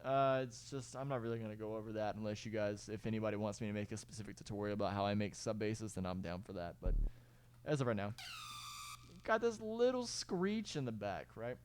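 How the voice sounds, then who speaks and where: A man's voice: on the low side, animated, fairly quick, slight background noise. A young man walking through his own music project as a casual tutorial, rambling and correcting himself, sometimes singing out rhythms. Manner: rambling, self-correcting, fillers and sung beat sounds. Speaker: music producer giving a tutorial. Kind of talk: casual screen-recorded tutorial. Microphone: clip-on mic.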